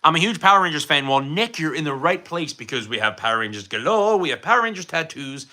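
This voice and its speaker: Young male streamer, very bright tone, casual rambling chat answering viewers. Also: a little high, expressive, fast, few pauses. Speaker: streamer showing his collection.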